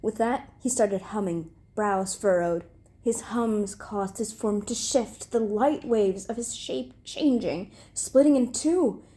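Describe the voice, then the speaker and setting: A young woman reading comic fan fiction aloud, deadpan with occasional giggles. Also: mid-range voice, slow. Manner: breaks into giggles, deadpan delivery. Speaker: reader.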